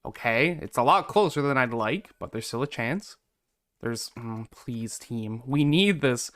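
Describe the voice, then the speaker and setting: A man's voice: medium pitch, animated, a little slow, a bit bright. Exasperated young man commenting on gameplay. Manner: exasperated, swings from hopeful to deflated. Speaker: gaming YouTuber.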